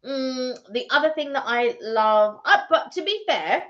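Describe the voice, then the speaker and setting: Bright, lively woman teasing her co-host. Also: high voice, measured pace, muffled recording. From England. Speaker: live stream co-host. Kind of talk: casual live-stream chat.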